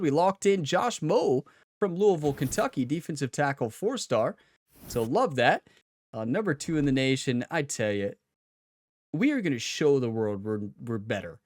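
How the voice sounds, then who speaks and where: A man giving casual gameplay commentary at a home gaming setup, trash-talking with playful energy. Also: mid-range voice. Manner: fired-up, playful trash talk with laughs. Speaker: gaming YouTuber.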